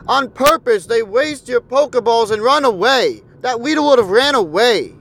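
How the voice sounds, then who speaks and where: A man with a New Jersey accent and a sore throat, ranting and swearing from the driver's seat as he plays a game on his phone. His voice is high and swings widely in pitch. Faint traffic noise hums behind the phone recording. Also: animated, normal speed, gravelly, hardly any pauses, fairly bright tone. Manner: angry, cursing constantly, ranting. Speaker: channel host. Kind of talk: profane rant while playing a phone game in a car. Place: car, on city streets.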